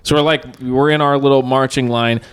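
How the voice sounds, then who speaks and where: A man's voice: mid-range voice, fairly even intonation, a little fast, smooth. A young man co-hosting a podcast, chatting loosely with lots of swearing and laughter. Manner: loose, profane, laughs often. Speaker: podcast co-host. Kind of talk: casual chat.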